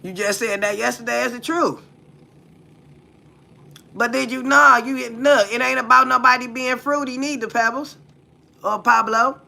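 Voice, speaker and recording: A woman's voice: on the high side, moderate pace, gravelly, pauses often, bright, forceful tone. A woman from the United States hosting a livestream, talking bluntly and profanely and throwing rhetorical questions at her viewers. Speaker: livestream host. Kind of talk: casual livestream talk.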